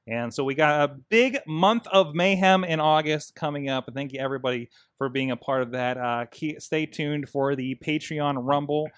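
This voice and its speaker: A man's voice: a little high, moderate pace, hardly any pauses, a bit bright, dry recording, studio quality. Rambling man hosting a podcast. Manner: rambling, many fillers and restarts. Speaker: podcast co-host. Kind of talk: casual podcast chat.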